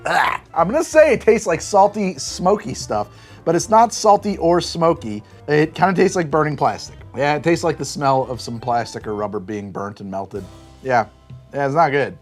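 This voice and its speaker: A man hosting a casual drink tasting review, wry and deadpan with frequent laughs. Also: fairly high pitch, moderate pace, soft background music. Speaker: host.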